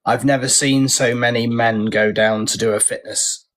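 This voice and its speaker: A man's voice: medium pitch, fairly even intonation, normal speed, a bit bright. Chatty man swapping stories. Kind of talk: casual chat.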